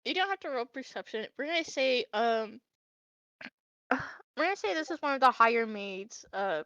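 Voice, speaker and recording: A woman's voice: a little high, pushed and bright, no echo, poor audio. A young woman narrating a tabletop game as game master, chatty with many fillers.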